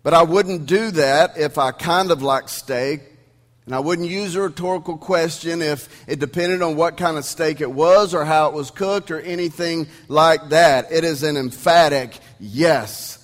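East Texan preacher in a reverberant church. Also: male voice, fairly high pitch, normal speed. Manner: emphatic, conversational preaching with rhetorical questions. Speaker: pastor. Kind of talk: sermon. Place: church sanctuary. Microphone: sound system.

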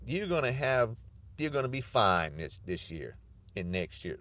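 A man's voice: mid-range voice, sing-song, unhurried, no room sound. A man podcasting a ranting political monologue, mocking and repeating himself.

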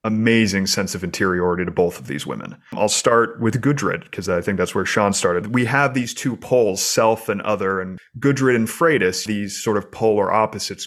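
Earnest low-voiced man discussing a novel. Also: a bit bright. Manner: earnest, thoughtful, restarts phrases. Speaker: podcast co-host. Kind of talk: casual literary discussion.

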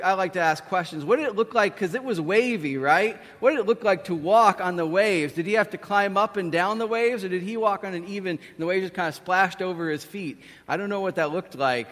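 An animated male preacher tells a storytelling sermon and acts out the quotes. His voice sits fairly high, and a long hall reverb lingers after his words.

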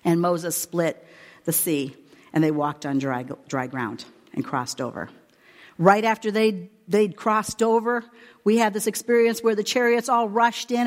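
A woman's voice: lowish voice, long reverb tail. A woman preacher giving a conversational, emphatic sermon retelling Bible stories.

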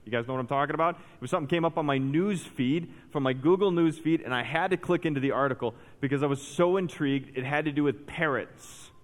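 A man preaching a sermon as pastor, telling a story with lively emphasis and then dropping to soft, intense points. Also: on the high side, quick pace, hardly any pauses. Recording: long reverb of a large hall.

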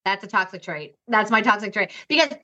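Bright-voiced chatty woman, dull lo-fi audio. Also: medium pitch, expressive. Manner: chatty, quick to agree, quotes herself. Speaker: podcast guest. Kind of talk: casual conversation.

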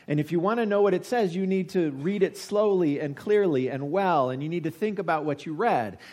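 Conversational man preaching a sermon. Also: sits high. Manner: conversational, swings between loud emphasis and quiet asides. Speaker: pastor.

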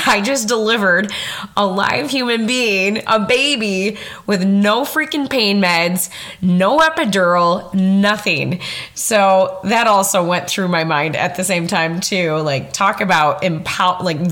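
A woman's voice: mid-range voice, fairly bright tone. Chatty young woman telling a personal story. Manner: chatty, emphatic, laughs often, casual swearing. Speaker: podcast host.

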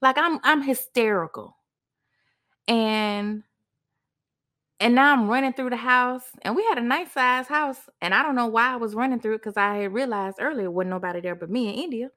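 Woman podcaster telling her own story, animated, voice jumps up high when she quotes herself. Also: moderate pace. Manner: animated, acts out her own past words with a higher voice. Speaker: podcast host. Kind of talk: personal storytelling.

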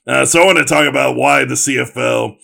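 A man's voice: medium pitch, a little fast, vocal fry, sharp tone. A man co-hosting a casual sports podcast, rambling and sarcastic, with lots of uh fillers. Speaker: podcast co-host.

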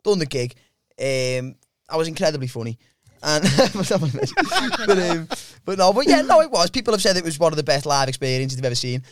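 A man's voice: fairly high pitch, expressive, normal speed, dry recording. A man hosting a podcast, telling a crude rambling story in casual chat. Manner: rambling and crude, many restarts. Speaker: podcast host.

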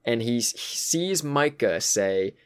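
A man's voice: mid-range voice, animated, slow, clear, resonant tone. A man in casual chat, thinking aloud about a game's story, with frequent fillers and sighs. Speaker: co-host discussing a video game.

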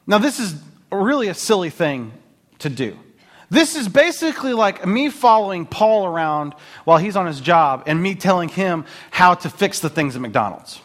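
In a high voice at normal speed, a pastor delivers a chatty sermon. His storytelling is animated and playful, packed with jokes, laughter, and lots of fillers.

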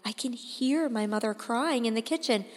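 A woman narrating a first-person audiobook in an expressive, deliberate way. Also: on the high side, big-room sound. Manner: expressive, slow and deliberate, rising to cries in dialogue.

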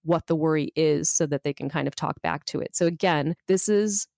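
Gentle woman host explaining. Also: low voice, normal speed, gravelly, no echo, studio quality. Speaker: podcast co-host. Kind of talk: parenting podcast chat.

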